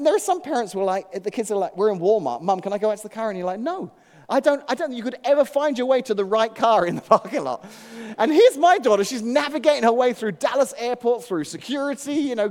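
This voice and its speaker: A middle-aged man, giving an animated, self-mocking storytelling devotional talk and laughing often. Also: extremely high pitch. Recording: long hall reverb.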